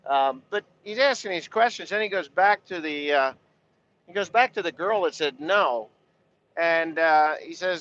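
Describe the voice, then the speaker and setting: Guy farmer venting, swears a lot, says you know every other line, kinda high voice, muffled recording. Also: measured pace, fairly bright tone. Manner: blunt and profane, full of "you know" fillers. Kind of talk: casual rambling monologue.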